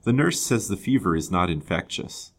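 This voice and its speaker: A man's voice: deep voice, expressive, moderate pace, breathy edge, heavily acted. Scheming society widow, honeyed and gracious, as a male reader puts her on. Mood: sweet. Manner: sweet, gracious murmur.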